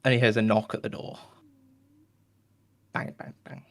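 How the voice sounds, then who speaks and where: Gravelly man telling a rambling joke. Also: lowish voice, flat delivery, moderate pace. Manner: tags lines with "right?", restarts often, makes whooshing sound effects.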